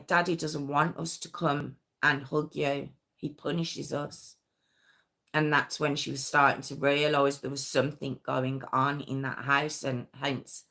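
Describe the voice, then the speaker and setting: British woman chatting through a true crime case, earnest, slow and low. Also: fairly bright tone. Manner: conversational, earnest, with fillers and restarts. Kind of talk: casual true crime narration.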